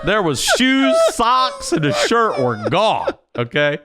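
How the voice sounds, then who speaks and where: Male podcast guest, rowdy raconteur, swings his pitch up and down. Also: slow, very noisy. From Baltimore, USA. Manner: lively, profane, laughs while telling. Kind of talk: animated storytelling.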